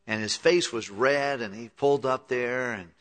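Male pastor, bright forceful voice, sermon delivery with emphatic climaxes, long hall reverb. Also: mid-range voice, normal speed. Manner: earnest preaching, rising to emphatic peaks.

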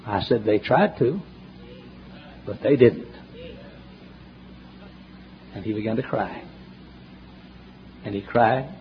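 A man preaching a sermon, telling folksy stories and swinging between loud emphatic questions and hushed asides, in a church. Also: on the low side, slow, pauses often, a little hiss or hum. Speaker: pastor. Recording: dull lo-fi sermon recording, faint ambience.

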